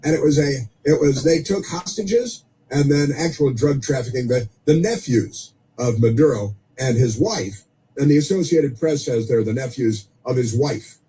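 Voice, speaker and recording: A man's voice: medium pitch, moderate pace, mellow, low-quality recording. A man hosting a political talk radio show, delivering a sarcastic monologue full of scornful asides. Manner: sarcastic, scornful asides and mocking quoted voices.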